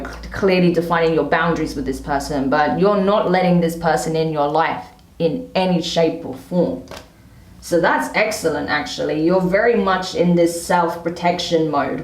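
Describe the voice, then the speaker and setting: A woman talks through a tarot spread in a casual, chatty way, leaning hard on her points and circling back to them. Her voice sits a little low, and the recording rings with a noticeable room echo. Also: a little mellow, recorded from a distance. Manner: chatty, emphatic, repeats itself. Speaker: tarot reader. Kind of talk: casual tarot reading to camera. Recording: roomy echo.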